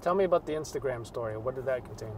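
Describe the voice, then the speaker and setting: A man's voice: mid-range voice, expressive, very fast, breathy edge. A man interviewing a guest, asking short direct questions.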